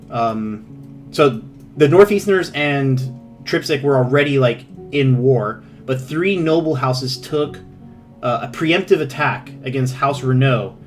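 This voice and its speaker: A man narrating as game master, rambling and halting, with many fillers and restarts. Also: medium pitch.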